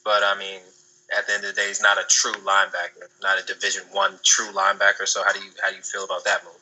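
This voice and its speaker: A young man co-hosting a casual podcast, asking questions in a relaxed way. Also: sits low, quick pace, breathy edge, low-quality recording. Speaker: podcast co-host.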